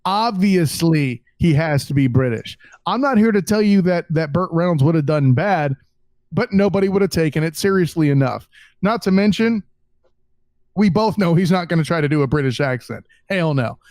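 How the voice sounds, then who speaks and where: A man's voice: fairly high pitch, lively intonation, moderate pace, a little mellow, no echo. A man co-hosting a casual chat, blunt and rambling, swearing for emphasis. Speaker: podcast co-host.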